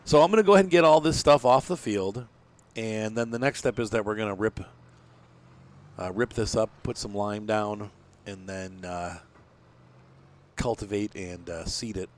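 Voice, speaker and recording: A fairly low-pitched man at a moderate pace narrates his farming game in a casual let's-play. He's sleepy and yawning, meandering through his thoughts with many fillers.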